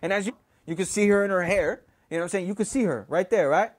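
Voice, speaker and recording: A man's voice: high voice, fast talker. A man from Houston, telling a personal story in a casual, profane, rambling way, full of "you know" and "right?". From Houston, Texas.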